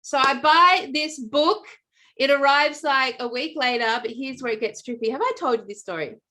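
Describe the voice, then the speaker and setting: Middle-aged Australian woman, casual storyteller, fairly high voice, fillers and restarts. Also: normal speed. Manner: animated, rambling, many fillers and restarts. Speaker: podcast co-host.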